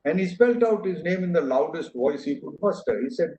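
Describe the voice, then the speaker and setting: A man's voice: fairly high pitch, expressive, normal speed, few pauses, mellow. An older man giving an earnest, anecdotal talk to an audience, with frequent fillers and restarts. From India. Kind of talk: speech to an audience. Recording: echoey hall, dull lo-fi sound.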